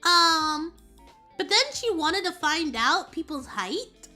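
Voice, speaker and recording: A woman streamer chatting casually and telling a story in an animated, rambling way. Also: extremely high pitch, slow, soft background music. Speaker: VTuber streamer.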